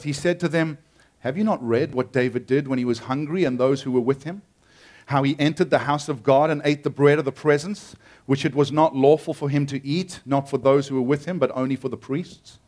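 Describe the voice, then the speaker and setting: A male pastor delivers a sermon with a booming voice that sits a touch higher than most men's. He reads scripture aloud, then preaches on it earnestly and emphatically, often stumbling over and restarting his words. He is speaking into an amplified church sound system. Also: darkish tone.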